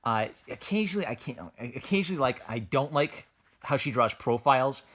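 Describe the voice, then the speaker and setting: The reviewer speaks a little fast in a medium-pitched, fairly bright voice with lively intonation. Reviewing manga casually and without a script, he rambles, restarts sentences and scatters "like" and "uh" throughout, clearly amused.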